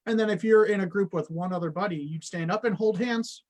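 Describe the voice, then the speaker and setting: A man's voice: high voice, fairly quick. A man on a guest spot, explaining water safety to kids in a friendly, plain way.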